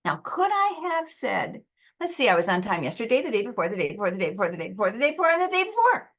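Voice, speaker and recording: A middle-aged woman giving a motivational webinar talk, acting out quotes in an animated way. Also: mid-range voice, racing. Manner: lively, animated, acts out quotes. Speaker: presenter.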